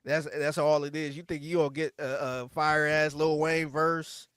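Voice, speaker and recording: A man with a fairly high voice rambles through a casual podcast chat, full of slang, swearing and restarted sentences. The recording is close and dry. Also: level tone, moderate pace, fairly bright tone, clean tone, no room sound. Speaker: podcast co-host. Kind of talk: casual chat about music.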